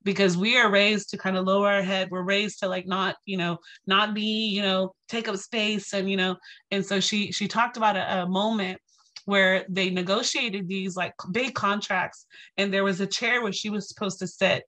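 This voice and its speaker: A woman in her thirties giving a lecture as a guest speaker, telling a story in an animated, conversational way and tagging her points with "right?". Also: mid-range voice, normal speed.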